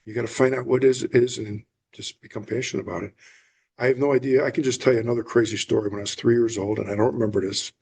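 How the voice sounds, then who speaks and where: A man's voice: mid-range voice, fairly even intonation, fast, creaky, darkish tone, husky. A man who is a funeral director, talking as an interview guest in a plainspoken, earnest way. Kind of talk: casual interview.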